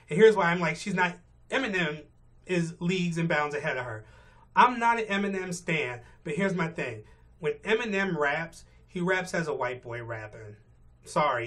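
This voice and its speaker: A male vlogger vents from behind the wheel during his morning commute, blunt and full of profanity. He speaks in a high-pitched voice with a fairly bright tone.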